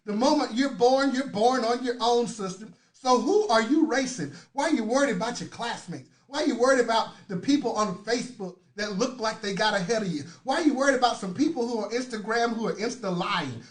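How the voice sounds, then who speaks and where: A man hosting a live motivational talk, leading affirmations and calling out viewers by name in an energetic, preachy way. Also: very high voice, fairly quick, few pauses. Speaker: motivational host. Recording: roomy echoey sound.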